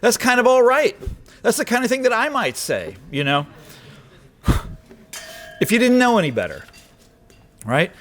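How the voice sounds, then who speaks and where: A man's voice: extremely high pitch, big pitch swings, a little slow, long pauses, fairly bright tone. A man delivering a political address to an audience, emphatic and rhetorical, with wry asides. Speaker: speaker. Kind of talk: political speech. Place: lecture hall.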